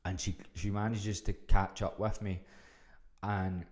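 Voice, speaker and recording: Deep-voiced Scottish man telling a story. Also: measured pace. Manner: animated, swears freely, frank. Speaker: podcast host. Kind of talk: casual storytelling.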